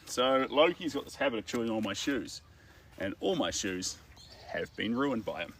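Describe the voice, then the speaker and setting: A man's voice: medium pitch, sing-song, moderate pace, a bit bright, slight background noise. A man with a New Zealand accent chatting casually and rambling with filler words while he paints. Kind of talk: casual chat. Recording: distant mic, faint outdoor ambience.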